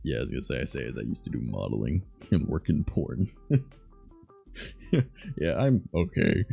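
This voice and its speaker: A young man from Canada with a deep voice, chatting loosely and softly on his stream, swearing as he goes. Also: big pitch swings, normal speed, creaky, soft background music. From Southern Ontario, Canada. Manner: soft-spoken, loose and swearing. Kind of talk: casual stream chat.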